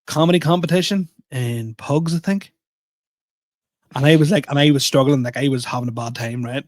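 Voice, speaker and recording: A man's voice: a little high, moderate pace, no room sound. Laughing man, dry close sound. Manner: laughing, self-deprecating storyteller. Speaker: podcast co-host and stand-up comedian. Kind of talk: casual chat.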